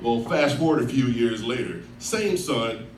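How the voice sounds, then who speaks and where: A man's voice: medium pitch, animated, unhurried. A man in his thirties telling a laid-back stand-up story on a club stage into a handheld mic. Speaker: stand-up comedian. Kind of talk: stand-up set. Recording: echoey club from far off. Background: room noise and audience.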